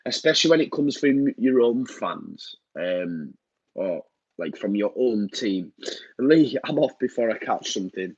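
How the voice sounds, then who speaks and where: Casual live-stream host, thirties, husky and nasal from a cold, dull lo-fi mic. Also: male voice, medium pitch, lively intonation, a little slow, no echo. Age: 30s. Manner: rambling, frequent ums and repeats. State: blocked nose, downbeat. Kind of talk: casual live-stream chat reading comments. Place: home room.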